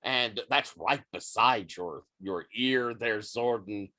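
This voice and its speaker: Slow-talking male game master. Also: on the low side, pushed and bright. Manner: unhurried descriptive narration with laughs. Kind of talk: narrating a tabletop game.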